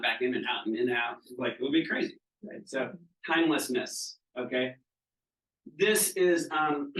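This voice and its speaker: Heard off mic from a distance in an echoey room, a middle-aged man with a medium-pitched, sharp voice leads a wellness training session. It's a live seminar talk, casual and chatty, and he keeps asking his audience whether they follow.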